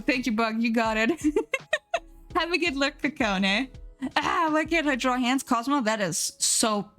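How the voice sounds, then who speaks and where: A young woman streaming live, gushing excitedly over viewers' art and pets, swearing casually. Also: fairly high pitch.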